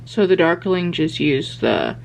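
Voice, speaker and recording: Excitable young woman gushing late at night. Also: deep voice, measured pace, gravelly, slight background noise, poor audio. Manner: gushing, excitable, swears freely. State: tired, up very late. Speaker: book vlogger. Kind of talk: late-night reading vlog to camera. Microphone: handheld camera.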